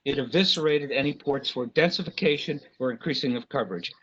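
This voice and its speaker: A man's voice: mid-range voice, brisk, fairly bright tone, a little hiss or hum. A man speaking as an RF engineer at a public meeting, impassioned and apologetic, stopping and restarting often. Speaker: RF engineer consultant. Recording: dull lo-fi meeting recording.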